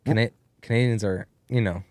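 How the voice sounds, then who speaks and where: A man's voice: lowish voice, steady tone, fairly quick, darkish tone, no echo, clean studio sound. A man co-hosting a casual reaction chat, joking sarcastically and laughing often. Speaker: co-host reacting to a clip.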